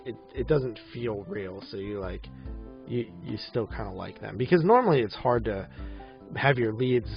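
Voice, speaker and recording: A man's voice: lowish voice, expressive, moderate pace, creaky, muffled recording, soft background music. A man in his thirties co-hosting a casual movie podcast, rambling with lots of fillers and easy laughs. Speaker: podcast co-host.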